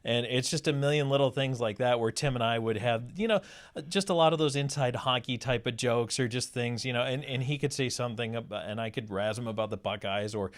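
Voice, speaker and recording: A man's voice: mid-range voice, a little fast. A man, a former hockey player and color commentator, reminiscing in an interview with frequent restarts and fillers.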